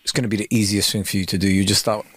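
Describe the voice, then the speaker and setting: A man's voice: lowish voice, flat delivery, very fast, fairly bright tone. A man co-hosting a casual podcast, teasing and joking with his co-host. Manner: teasing, jokey, laughs.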